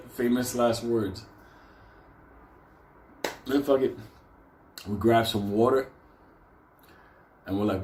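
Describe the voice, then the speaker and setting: A man's voice: on the low side, measured pace, long pauses, darkish tone, reverberant, slight background noise. A man telling a story casually, swearing constantly and laughing between lines. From New York.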